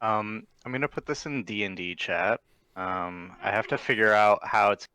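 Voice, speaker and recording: A man's voice: lowish voice, normal speed, bright, forceful tone, clean tone, no room sound. A man playing in a tabletop game, asking about the rules and giggling sheepishly at his own antics. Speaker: player. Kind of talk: casual tabletop play.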